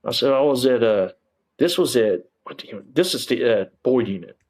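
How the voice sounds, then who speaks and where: A man's voice: mid-range voice, lively intonation, normal speed, darkish tone. A middle-aged man, telling his story as an interview guest, bluntly and emphatically, with plenty of cursing and fillers. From Texas.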